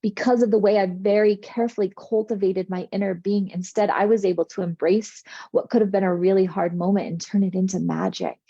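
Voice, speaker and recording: A woman's voice: mid-range voice, fairly even intonation, fairly quick, vocal fry, few pauses, mellow, slightly rough, no room sound, dull audio. A middle-aged woman giving a motivational spiritual talk in an earnest, reassuring, soothing way. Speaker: spiritual coach.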